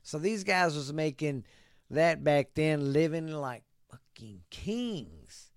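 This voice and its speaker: Slow, profane man hosting a podcast. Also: fairly high pitch, big pitch swings, vocal fry, no echo, studio quality. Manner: loose, profane, rambling delivery; puts on a tough-guy ad voice. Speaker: podcast host. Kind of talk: casual solo podcast chat.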